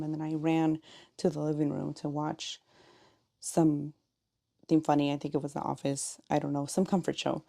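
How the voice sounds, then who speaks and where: A woman's voice: low voice, level tone, moderate pace, mellow. A woman casually recounting a nightmare, hesitant and unsure of the details. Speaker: podcaster. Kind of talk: casual storytelling.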